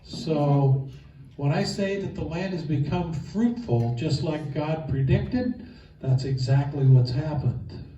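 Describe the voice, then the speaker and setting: Slowly and in a mellow voice on the high side, a man leads an informal Bible geography class, enthusiastic and conversational, with plenty of fillers. A distant mic in an echoey room gives dull sound with a little hiss or hum.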